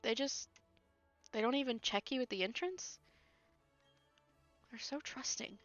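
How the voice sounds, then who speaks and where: A woman's voice: fairly high pitch, unhurried, fairly bright tone, no room sound, muffled recording, soft background music. A woman casually commenting on a video game she plays, teasing and wry, laughing often. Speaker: game streamer. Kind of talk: casual let's-play commentary.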